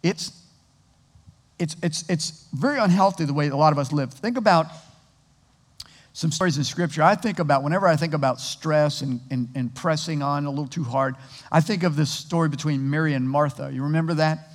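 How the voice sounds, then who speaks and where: A male pastor giving a sermon, telling stories in a conversational, animated way with frequent restarts. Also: on the high side, brisk, long reverb tail.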